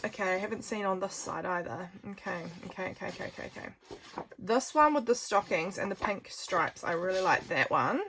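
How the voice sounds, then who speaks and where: A woman's voice: mid-range voice, fairly bright tone, slight background noise. Chatty New woman crafting. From New Zealand. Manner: chatty, self-deprecating, thinks aloud. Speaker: crafting channel host. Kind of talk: casual crafting chat.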